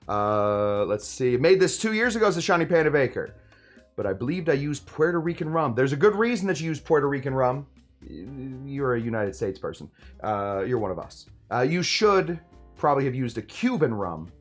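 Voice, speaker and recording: A man in his forties, a bartender hosting a casual livestream, chatting with viewers in a lively way and stumbling over a tricky word. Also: medium pitch. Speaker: host and bartender. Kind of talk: casual livestream chat reading viewer comments.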